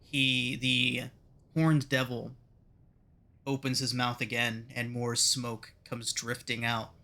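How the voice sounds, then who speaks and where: A male game master narrating a tabletop role-playing session. He describes the scene in a measured, unhurried way. His voice is bright and ringing at a middle pitch. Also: little pitch movement.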